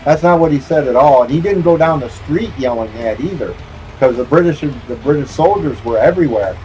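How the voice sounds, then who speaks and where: A rambling, joking man chats casually while streaming a game, chuckling between stories. His voice sits a little high, and faint music plays under him. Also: animated, a little fast, darkish tone, lo-fi sound. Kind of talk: casual chat while gaming.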